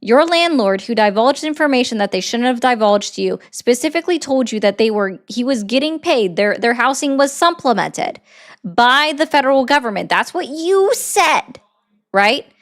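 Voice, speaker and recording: A woman's voice: a little high, animated, normal speed. Insistent woman pressing hard. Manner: persistent, pressing questions. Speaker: political commentator. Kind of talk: heated political debate.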